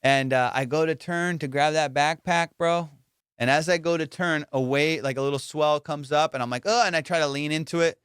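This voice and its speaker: A young man hosts his own podcast and tells a story at full tilt, peppering it with "dude" and the odd swear. His voice sits a little high and comes across smooth and clear. The mic is close and dry, with no room sound. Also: a little fast, no echo. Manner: animated, swears, says "dude" and "bro" a lot. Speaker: podcast host. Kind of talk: casual storytelling.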